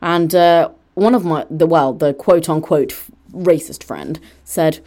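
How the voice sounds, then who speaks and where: Lively young woman hosting from her bedroom. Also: low voice, a little slow. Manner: animated, mimics others in quoted lines. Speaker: podcast host. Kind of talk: casual storytelling monologue. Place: bedroom at home.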